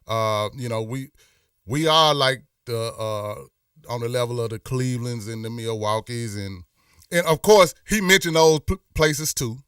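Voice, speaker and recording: A man's voice: mid-range voice, a little slow, fairly bright tone, smooth, no echo, clean studio sound, far from the mic. A middle-aged man hosts a live stream, talking in a rambling, impassioned way with many restarts. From Memphis. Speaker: host. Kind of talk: casual live-stream talk.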